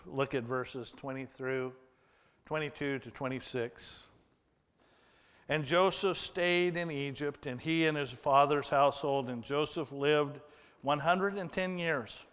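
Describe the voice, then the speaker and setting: A man preaching a sermon and reading scripture aloud, slow and emphatic, with surges of intensity. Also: mid-range voice, a bit bright, clear, resonant tone. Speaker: pastor. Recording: reverberant hall.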